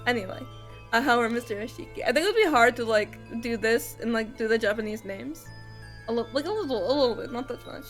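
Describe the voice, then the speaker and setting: A woman streaming a game live, excitable and gushing in her asides between the lines she reads. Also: on the high side, fast, faint music behind.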